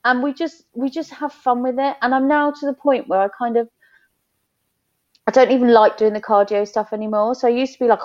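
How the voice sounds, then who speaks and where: A woman's voice: a little high, steady tone, fairly quick, a little mellow, highs cut off. A woman in her thirties, chatting openly as a podcast guest and telling stories with laughter. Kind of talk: casual chat.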